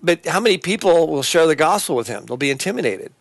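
A man's voice: on the high side, lively intonation, gravelly, dry recording. Earnest man hosting a Christian talk show. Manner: earnest, halting with fillers and restarts. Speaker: host.

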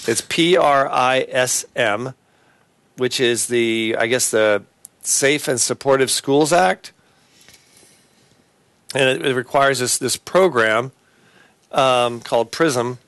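A man hosting a Christian talk show and preaching, speaking in a halting way with many fillers and restarts. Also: medium pitch, a bit bright, no echo.

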